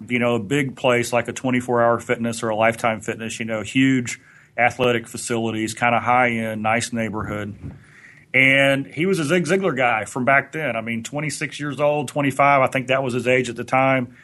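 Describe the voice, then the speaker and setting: A man co-hosting a podcast, telling a long anecdote in a relaxed, rambling way. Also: mid-range voice, normal speed. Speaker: podcast co-host. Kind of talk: anecdotal storytelling.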